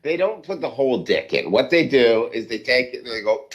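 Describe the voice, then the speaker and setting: A man's voice: medium pitch, big pitch swings, normal speed, lo-fi sound. A male guest on a comedy podcast, telling crude, profane stories and ranting in casual banter.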